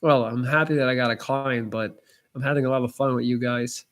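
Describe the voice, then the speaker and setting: A man's voice: medium pitch, steady tone, a little fast. A man answering viewer chat on a casual live stream, blunt and emphatic and swearing freely.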